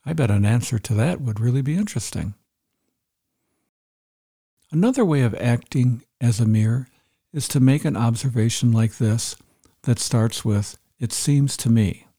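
A man's voice: medium pitch, lively intonation, normal speed, pauses often, dark tone, husky. A middle-aged man giving an earnest instructional talk, explaining points step by step and repeating the key ones.

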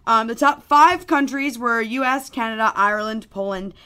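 A woman's voice: fairly high pitch, moderate pace, bright, forceful tone, clear, resonant tone. A woman co-hosting a radio show in a studio, chatting casually, laughing easily and reading listener mail aloud.

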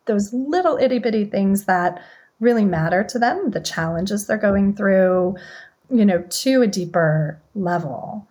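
A woman speaks as a podcast guest at a middle pitch. She explains her points fluently and often checks in with "right?" and "you know". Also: expressive, measured pace, a little mellow. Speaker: guest, communications head. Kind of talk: conversational interview.

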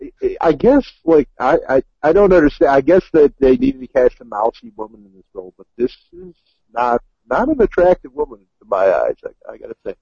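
A man's voice: medium pitch, wildly swooping pitch, vocal fry, dark tone, husky, no echo, dull audio. A man co-hosting a casual comedic podcast, sounding baffled and stumbling over restarts. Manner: baffled, halting, lots of restarts. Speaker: podcast co-host. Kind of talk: casual comedic movie review chat.

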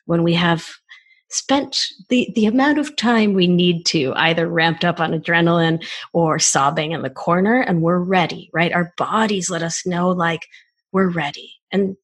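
A woman in her forties with a low, breathy voice talks through a casual podcast conversation. She is animated and expressive, and her tone stays soft and airy. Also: moderate pace. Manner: animated, acts out child voices in quotes. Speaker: guest, wellness expert.

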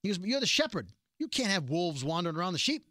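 Sarcastic mid-pitched podcast recapper, dry sound. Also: fast, no echo. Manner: sarcastic, animated retelling of scenes. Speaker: podcast co-host. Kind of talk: casual TV episode recap.

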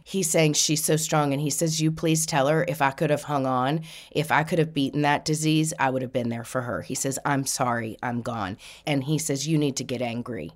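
Woman, low voice, psychic medium, chatty reading, quick laughs. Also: fairly even intonation. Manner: relays messages in quotes, laughing often. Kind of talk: spiritual reading.

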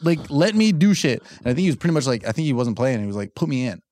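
Profane, lively podcast guy, dry mic. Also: mid-range voice, quick pace, no room sound. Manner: loose, profane, riffing with laughs. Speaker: podcast co-host. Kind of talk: casual chat.

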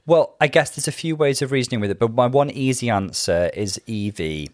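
A man co-hosting a casual podcast chat, calmly talking through his reasoning. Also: mid-range voice, no room sound. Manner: measured, analytical, explains strategy. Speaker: podcast co-host.

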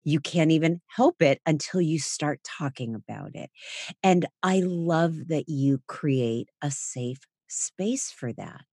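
A woman hosts a podcast interview with a very low voice. She asks measured, empathetic questions and leaves room for her guest to answer. The recording is dry and close. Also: animated, darkish tone, husky, no room sound. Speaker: podcast host.

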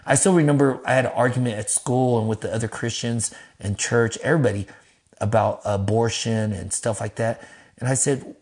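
Middle-aged pastor guy telling wild stories, loose and animated, does high squeaky voices for people he quotes. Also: a little fast. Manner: animated, acts out quotes in a high voice, laughs, swears casually. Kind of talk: personal storytelling interview.

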